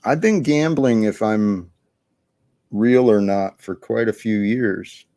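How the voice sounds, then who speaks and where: A man's voice: lowish voice, slow, warm tone, no echo, studio quality. A man hosting a live panel chat, talking in an earnest, reflective way and laughing easily.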